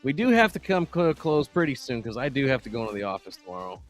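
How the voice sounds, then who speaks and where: A man's voice: medium pitch, very animated, quick pace, faint music behind. A man co-hosting a casual podcast, reading out a news story and chatting loosely with lots of laughs. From Texas. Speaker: podcast co-host. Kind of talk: casual live-stream chat.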